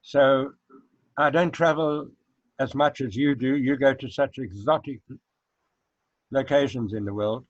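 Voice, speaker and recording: Speaking at medium pitch, this older man from South Africa chats as an interview guest, taking his time, looking back on the past and filling gaps with frequent hesitations. There's no room sound, though the lo-fi recording is dull.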